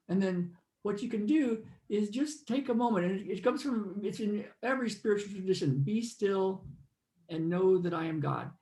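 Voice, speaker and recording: A man's voice: sits high, a little slow, a little mellow, roomy sound. A man hosting a casual talk, telling meandering, earnest spiritual stories and guiding listeners through a moment of stillness. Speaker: host. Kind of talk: casual storytelling and guided reflection.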